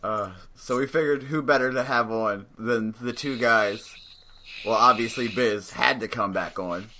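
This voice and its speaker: Bright-voiced man hosting a podcast. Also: mid-range voice, unhurried, a little hiss or hum. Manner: joking, friendly. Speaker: podcast host. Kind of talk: casual podcast chat.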